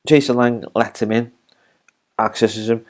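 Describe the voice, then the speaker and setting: A man talks through a TV episode in an unscripted review. His voice sits at an ordinary male pitch, and he rambles along with plenty of ums and false starts. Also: steady tone, unhurried. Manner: rambling, with many fillers and restarts. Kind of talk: unscripted spoken episode recap.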